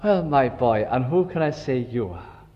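Preacher putting on a gentle old English gentleman, vague and fatherly, soft and low, long hall echo, dull sound. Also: animated, moderate pace, natural voice. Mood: kindly. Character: kindly absent-minded elderly Englishman.

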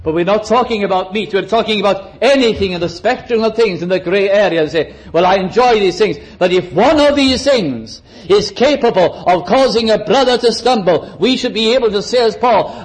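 A man's voice: sits high, normal speed, hardly any pauses, low-quality recording. A man preaching a sermon, dramatic, shifting his pace and acting out quotes for emphasis.

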